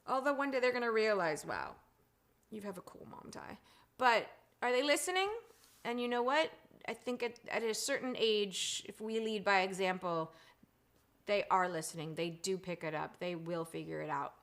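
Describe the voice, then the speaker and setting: A woman in her forties hosting a casual live stream, chatty and reading out viewer comments, swinging between animated and hushed talk. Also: medium pitch, normal speed. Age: 40s.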